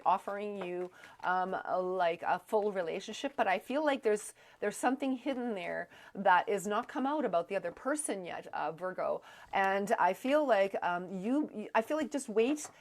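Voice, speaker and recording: A woman reading tarot on a live stream in an even, middle-pitched voice. She rambles and stops herself often, padding with fillers. Her throat is strained and she coughs now and then. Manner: rambling, halting, many fillers and restarts. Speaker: tarot reader.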